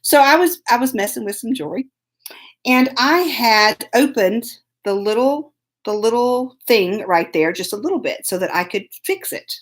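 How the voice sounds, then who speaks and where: A woman's voice: on the high side, expressive, normal speed. A woman telling a story to camera in a casual, self-mocking way, laughing often. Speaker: host.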